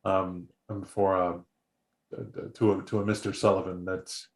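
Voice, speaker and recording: A man playing a jittery, deferential messenger in a tabletop role-play, quiet and low. He trips over his words and answers everyone with a stiff, formal politeness. It sounds like a roomy space. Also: steady tone, moderate pace, close to an everyday voice. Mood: nervous. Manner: stammering, formal, keeps saying sir. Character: nervous, overly polite male messenger.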